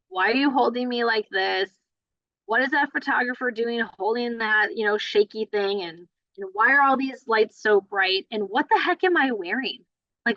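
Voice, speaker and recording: A woman's voice: on the high side, no echo, dull audio, close to an everyday voice. A woman speaking as a fussy, uncomfortable baby, voicing its complaints and questions in the first person.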